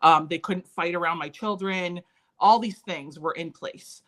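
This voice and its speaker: A woman's voice: on the low side, measured pace, fairly bright tone. Earnest woman sharing a personal story. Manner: candid, earnest, recounting painful memories. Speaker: interview guest.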